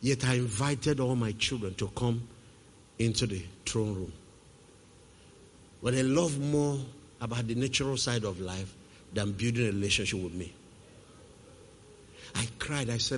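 A man preaching a sermon, who puts questions to the congregation and swings from forceful to hushed. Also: medium pitch, unhurried, pauses often, a little hiss or hum. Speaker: pastor. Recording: reverberant hall.

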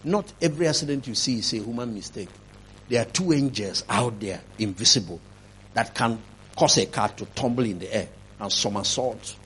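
A man preaching a sermon, telling a testimony, swinging from quiet telling to loud, emphatic preaching. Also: normal speed, a little hiss or hum. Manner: rising to loud emphatic preaching, then dropping low.

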